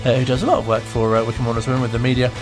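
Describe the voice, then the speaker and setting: A man's voice: mid-range voice, flat delivery, very fast, music in the background. A man hosting a local radio sports show, hesitant with many uhs.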